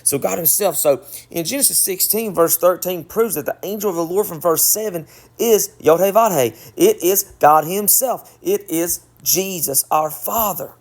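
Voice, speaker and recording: A man's voice: sits high, moderate pace. A man with a Southern US accent preaches a Bible study. He reads scripture aloud, then explains it emphatically, repeating key points and correcting himself as he goes. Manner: emphatic, repetitive, self-correcting. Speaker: Bible teacher.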